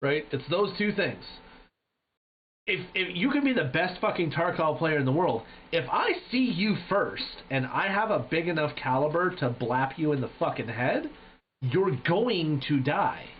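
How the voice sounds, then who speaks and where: Animated, foul-mouthed male streamer. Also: on the high side, a little hiss or hum. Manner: animated, profane storytelling, acting out voices. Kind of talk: casual chat to stream viewers. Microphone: headset. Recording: dull lo-fi stream audio.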